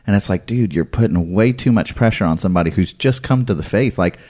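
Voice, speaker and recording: A man's voice: lowish voice, fast talker, a little mellow, slightly rough. A man who is a pastor, talking earnestly and with emphasis in a casual podcast discussion.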